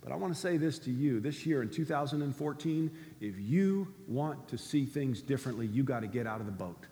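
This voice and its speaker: A man preaching a sermon as a pastor, swinging between loud cries and low, quiet lines. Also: animated, brisk. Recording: long hall reverb.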